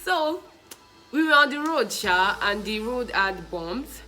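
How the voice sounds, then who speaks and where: A young woman with a Nigerian accent telling funny personal stories in a casual vlog, animated and often laughing. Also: a little high, takes it slowly, faint music behind, rough recording. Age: young adult. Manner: animated, laughing, mixes in pidgin and Yoruba exclamations. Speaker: vlogger.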